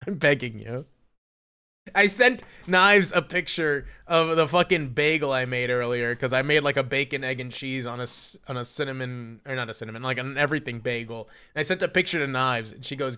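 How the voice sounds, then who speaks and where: Bright-voiced swearing young streamer. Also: male voice, medium pitch, normal speed, clear, resonant tone. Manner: profane, mocking, incredulous. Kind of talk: casual livestream rant.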